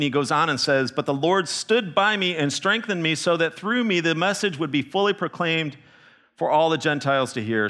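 A man preaching a sermon as a missionary, telling stories with animated emphasis and frequent restarts. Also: fairly high pitch. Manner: animated storytelling with restarts, rising to emphatic peaks.

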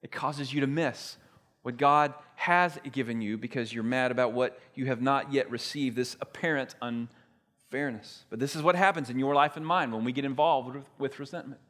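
A man's voice: mid-range voice, moderate pace, a bit bright. A man preaching a sermon as a pastor, retelling a story in a conversational, emphatic way.

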